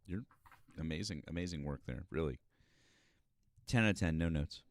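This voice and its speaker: A man's voice: a bass voice, normal speed, dry recording, studio quality. A man hosting a casual political live stream, talking in a sarcastic, exasperated way. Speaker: host.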